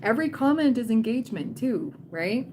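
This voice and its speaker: A woman's voice: a little high, expressive, normal speed, a little mellow, a little hiss or hum. A woman hosting a tarot livestream, chatting casually and cheering on her viewers, often quoting people in playful voices.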